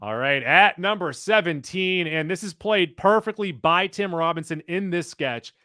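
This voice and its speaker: A man co-hosting a casual podcast chat, reading out rankings in a steady, list-like way. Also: high-pitched, normal speed, no room sound, studio quality. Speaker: podcast co-host.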